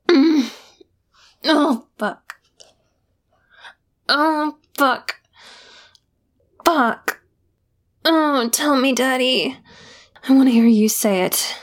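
A young woman performing intimate adult audio role-play, breathy and sighing, often dropping to a whisper. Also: high-pitched, very slow, long pauses.

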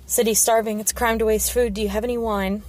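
A woman's voice: on the high side, flat delivery, quick pace, darkish tone, pitched above the performer's own voice, lightly acted. A woman reading the part of an insolent, greedy sellsword, cocky and offhand.

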